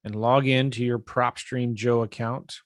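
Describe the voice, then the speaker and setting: Energetic man coaching on a live webinar. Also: medium pitch, unhurried, dry recording, studio quality. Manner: casual, energetic, talks straight to viewers. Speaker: real estate investing coach. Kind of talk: live webinar screen-share teaching.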